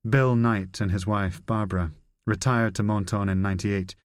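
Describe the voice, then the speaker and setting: A blunt senior spy chief , as a man reads him, speaks in a low, brusque voice. He is candid and profane in a dry, close audiobook recording. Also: fairly even intonation, moderate pace, dry recording, close to an everyday voice.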